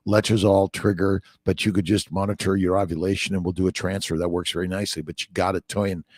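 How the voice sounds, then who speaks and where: A man's voice: low-pitched, steady tone, fast, few pauses, a little mellow, no echo, clean studio sound. An older man, a doctor, hosting a casual morning livestream, upbeat and preachy, greeting viewers by name.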